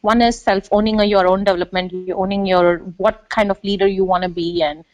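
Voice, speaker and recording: A woman agile coach explaining her ideas in a casual panel discussion, pausing with fillers and clearing her throat. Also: medium pitch, steady tone, dry recording, poor audio.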